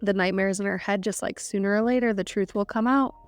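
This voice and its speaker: A woman with a clear, resonant mid-range voice talks quickly with fairly even intonation, co-hosting a casual book podcast. She recaps a novel scene by scene, saying "like" a lot and quoting characters. The recording is dry with soft music in the background.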